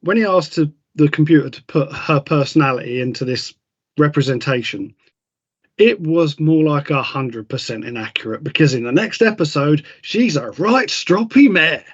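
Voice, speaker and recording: A man's voice: fairly high pitch, animated, normal speed, slightly rough, no room sound, muffled recording. A man chatting casually on a podcast, joking and acting out lines from the show. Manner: jokey, acts out characters' lines. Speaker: podcast co-host. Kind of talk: casual chat.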